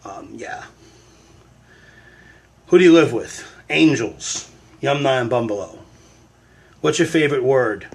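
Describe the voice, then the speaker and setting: A man's voice: mid-range voice, animated, unhurried. A man hosting a casual livestream Q&A with fans, hamming up mock frustration and sudden outbursts. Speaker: livestream host answering fan questions. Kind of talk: casual live-stream Q&A.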